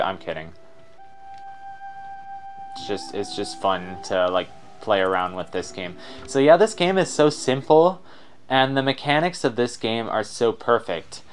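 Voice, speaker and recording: Rambling young man playing a game. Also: fairly low pitch. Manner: rambling, self-deprecating. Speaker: let's player. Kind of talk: casual gameplay commentary.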